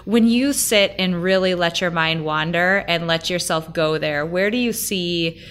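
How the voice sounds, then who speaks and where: A young pregnant woman hosts a podcast in a slightly lower voice, gushing with enthusiasm. She asks questions warmly and repeats her praise. The sound is a bit dull and lo-fi. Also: unhurried, a little hiss or hum. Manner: effusive, enthusiastic. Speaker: podcast host. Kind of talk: podcast interview.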